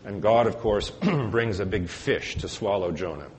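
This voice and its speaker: A male priest giving a conversational sermon, retelling stories in a relaxed way with filler words and dry humor. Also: sits low, moderate pace. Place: church. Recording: echoey church hall, faint hiss.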